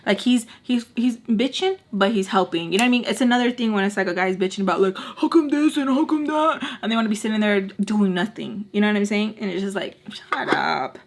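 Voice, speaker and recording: A woman telling a story on her vlog in a loose, rambling way, her voice sitting at a middle pitch. She fills her sentences with "like", swears freely, and slips into lively voices for the people she quotes. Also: fast talker, hardly any pauses, slight background noise. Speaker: storytime vlogger. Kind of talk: casual storytime chat.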